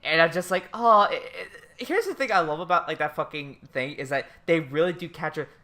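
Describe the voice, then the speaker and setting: A man co-hosting a podcast in casual chat, talking excitedly, swearing freely and acting out quotes in animated voices. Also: a little high, fast talker. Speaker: podcast co-host.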